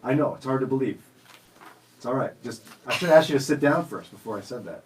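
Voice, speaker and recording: A man's voice: mid-range voice, lively intonation, fast talker, far from the mic, slight background noise, low-quality recording. A man in his forties hosting a radio show, telling stories in a jokey, self-teasing way. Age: 40s. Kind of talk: casual studio chat. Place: radio studio.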